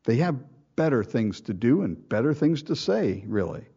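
Man preaching slowly, warm and mellow, with a folksy style and lo-fi sound. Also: mid-range voice, sing-song, slightly rough. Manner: folksy preaching with rhetorical questions and mock quotes. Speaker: pastor. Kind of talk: sermon.

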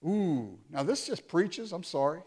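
Male preacher, slightly high voice, very expressive intonation, scripture readings with sarcastic commentary. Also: a little slow, breathy edge. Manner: animated, reads scripture aloud then explains it with sarcastic asides. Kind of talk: sermon.

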